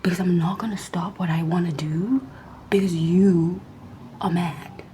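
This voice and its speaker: Young woman vlogger, whispered sassy rant, mellow tone, light background hiss. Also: fairly low pitch, fairly even intonation, measured pace, rough recording.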